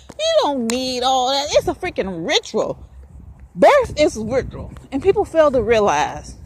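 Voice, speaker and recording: A woman's voice: high-pitched, a little hiss or hum. A woman hosting her own show, delivering a fired-up, profane, preachy monologue straight to her listeners. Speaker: podcast host. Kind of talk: ranting spoken monologue.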